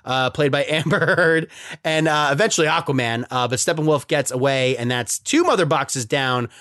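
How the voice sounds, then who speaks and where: A man's voice: fairly high pitch, normal speed, a bit bright, no room sound, studio quality. A man hosting a casual movie commentary, recapping scenes with frequent laughs. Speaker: podcast host.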